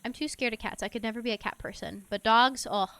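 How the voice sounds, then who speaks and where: A woman's voice: on the high side, fairly even intonation, fast, a bit bright. A woman streaming a game and chatting casually, giggly and swearing offhand. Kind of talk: casual gameplay chat.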